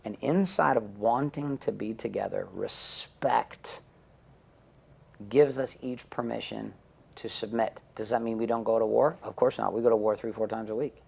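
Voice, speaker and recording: A man's voice: on the low side, moderate pace, gravelly, a little mellow, breathy edge. A middle-aged man giving an intense, candid interview, blunt and profane, acting out the people he quotes as he tells stories. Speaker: interview guest.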